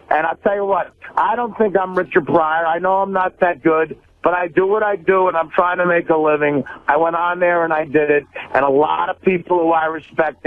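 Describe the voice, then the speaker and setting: A brash, foul-mouthed man calls in and argues over a thin, tinny phone line. His voice sits high for a man and he keeps pushing over whoever talks. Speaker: caller to a sports radio show. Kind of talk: heated call-in argument. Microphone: phone call.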